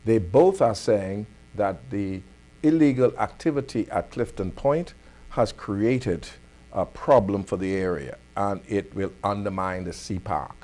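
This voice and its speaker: A man with a Bahamian accent hosting a community affairs talk show, laying out his case in a firm, deliberate way. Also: lowish voice, a little mellow. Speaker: host.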